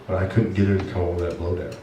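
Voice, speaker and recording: A man's voice: low-pitched, little pitch movement, rapid-fire, far from the mic, noisy background. A male pastor preaching a sermon, telling a personal story in an earnest, emotional way. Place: church sanctuary. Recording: echoey church heard from afar.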